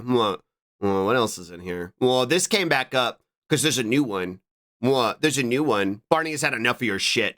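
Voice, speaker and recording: A man's voice: medium pitch, sharp tone. A man streaming live, chatting casually, rambling and repeating himself as he answers chat.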